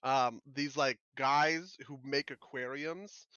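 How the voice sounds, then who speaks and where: A man's voice: medium pitch, steady tone, slow pace, sharp tone, clean tone, no echo, lo-fi sound. A man co-hosting a podcast in casual chat, rambling and laughing as he mock-quotes TV shows. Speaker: podcast co-host.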